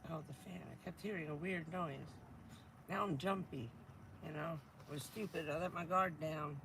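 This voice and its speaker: Hoarse, gravelly woman chatting on a livestream. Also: sits low, fairly even intonation, moderate pace, background noise. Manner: chatty, laughs often, talks back to her viewers. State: hoarse and stuffy from a cold. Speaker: vanlife livestreamer. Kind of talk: casual livestream chat. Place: inside a camper van.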